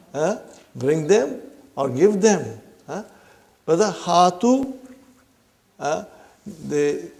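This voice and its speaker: Male Arabic teacher, a little high-pitched, quizzes the class and checks in with "huh?". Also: vocal fry, dark tone. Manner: asks the class questions, checks in often with "huh?". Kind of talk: grammar lesson to a class.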